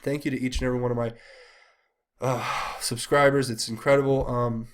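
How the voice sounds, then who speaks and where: A man's voice: medium pitch, level tone, a little fast. A man hosting his own channel, talking in an earnest, rambling way with many fillers and pleading appeals to viewers. He is congested from a cold. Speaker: channel host. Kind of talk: casual solo commentary.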